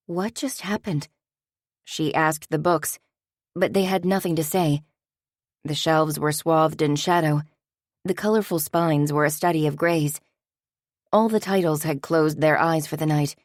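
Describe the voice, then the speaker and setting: An even, measured woman's voice, deep in tone, carries this scripted audiobook narration. It is recorded at studio quality with no echo.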